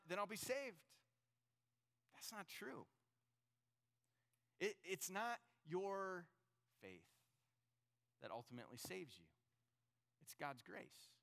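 The long reverb of a large hall carries a pastor's high-pitched, slightly bright voice as he preaches to his congregation. He is earnest, tells stories, and addresses the listeners directly.

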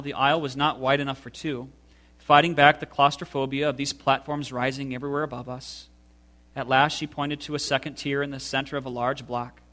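Man reading a memoir aloud. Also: a little high. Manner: slow, deliberate, expressive reading. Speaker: reader.

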